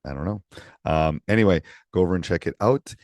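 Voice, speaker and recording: A middle-aged man hosting a coaching podcast, talking in a relaxed, rambling way with lots of ums and restarts. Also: deep voice, a little fast, no echo, studio quality. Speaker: podcast host and basketball coach. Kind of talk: casual podcast chat with ad reads.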